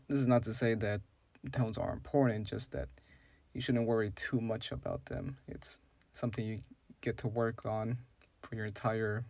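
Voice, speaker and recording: A man's voice: lowish voice, darkish tone, no echo. Patient man teaching a language lesson. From English-speaking country. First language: English. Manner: patient, explanatory, models sounds aloud. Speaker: language channel host.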